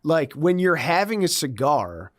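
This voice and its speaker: A man with a fairly high voice, co-hosting a podcast in a relaxed, conversational way. He drawls his observations and laughs often. The sound is dry and close to the mic. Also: a little slow, no room sound. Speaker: podcast co-host. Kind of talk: casual chat.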